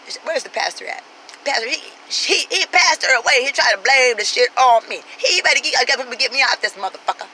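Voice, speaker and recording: A woman's voice: high-pitched, animated, fairly quick, few pauses, bright, forceful tone, slight background noise, poor audio. A woman telling a profane comic story in a brash, sassy, street-talking way, acting out everyone she quotes. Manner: brash, swears constantly, acts out every quoted voice.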